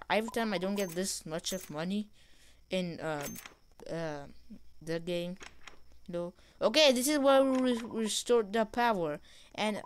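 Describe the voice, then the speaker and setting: A woman giving casual gameplay commentary, reading game dialogue aloud in an excitable way. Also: mid-range voice, slight background noise. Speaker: gamer.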